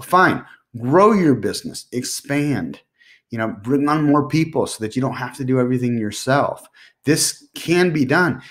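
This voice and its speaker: A man hosting a solo podcast, giving direct, emphatic business advice and repeating his key points. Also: mid-range voice. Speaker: podcast host.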